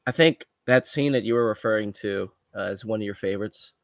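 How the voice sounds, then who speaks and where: A man co-hosting a casual movie review chat, talking in a relaxed, measured way with thoughtful pauses. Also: fairly low pitch, no echo. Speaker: podcast co-host.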